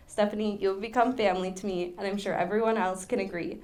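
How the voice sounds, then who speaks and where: A woman's voice: medium pitch, fairly even intonation, quick pace, hardly any pauses, a little mellow, slight background noise. A woman, the groom's sister, giving an emotional wedding toast and laughing while holding back tears.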